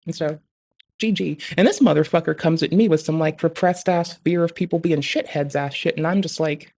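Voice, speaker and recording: Streamer, casual venting rant, heavy swearing, rambling, mid-pitched voice. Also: normal speed, darkish tone. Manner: frequent filler "like" and "bruh".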